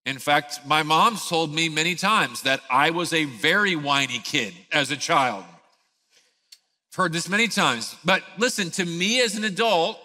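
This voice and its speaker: Pastor, thirties, bright lively storyteller, big hall reverb. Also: male voice, on the high side, unhurried. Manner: animated storyteller, acts out scenes. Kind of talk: sermon with a personal story.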